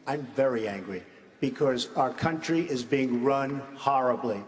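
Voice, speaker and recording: A man's voice: medium pitch, expressive, unhurried, a bit bright. A man running for president, answering in a debate in a blunt, repetitive, conversational way. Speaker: presidential candidate. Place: large debate hall on stage. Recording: roomy echoey hall.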